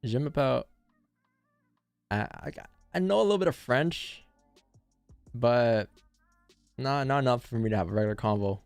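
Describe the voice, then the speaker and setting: Laid-back gravelly man chatting on stream. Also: medium pitch, lively intonation, moderate pace, long pauses, darkish tone, dry recording, faint music behind. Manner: laid-back slangy talk, answers chat. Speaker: forex day-trading streamer. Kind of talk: casual live-stream chat.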